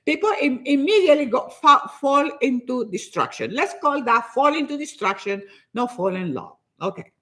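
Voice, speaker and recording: Lively, animated older woman preaching motivation. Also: sits high, normal speed, few pauses. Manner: animated and preachy, repeats herself for emphasis; acts out other people's nagging voices. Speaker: motivational speaker. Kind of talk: motivational talk.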